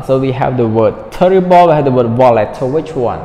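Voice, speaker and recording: A male English teacher leading an online lesson, speaking slowly and carefully enunciating, repeating words for his students. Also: medium pitch, lively intonation, mellow. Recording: echoey room with long reverb, faint ambience.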